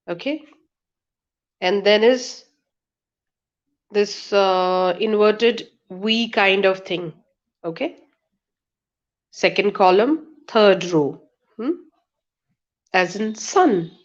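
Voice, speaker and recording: A woman leads an online pronunciation lesson at a very slow, deliberate pace. She says each example word several times over. The webinar audio is dull and lo-fi. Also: mid-range voice. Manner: slow, drawn-out word drills with repeated examples. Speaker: pronunciation teacher.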